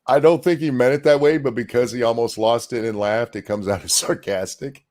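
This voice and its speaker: A man's voice: mid-range voice, fairly even intonation, a little fast, darkish tone. A man co-hosting a live reaction stream, trading sardonic and profane mocking asides. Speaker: co-host.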